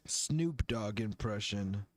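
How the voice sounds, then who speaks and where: A man hosting a livestream music review, talking casually, joking and swearing as he thinks out loud. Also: lowish voice, expressive, slow, dry recording, studio quality. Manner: profane, jokey, thinks aloud.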